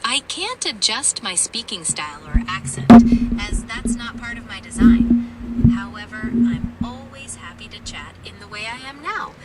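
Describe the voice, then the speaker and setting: A synthetic female AI assistant voice giving polite, measured replies. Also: on the high side, animated, far from the mic, faint music behind, rough recording.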